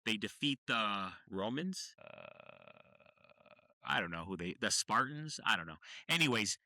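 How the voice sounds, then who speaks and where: A man's voice: on the low side, big pitch swings, unhurried, sharp tone, no room sound. A man, casually retelling a movie plot on a podcast, rambling and saying "bro" a lot. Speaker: podcast co-host.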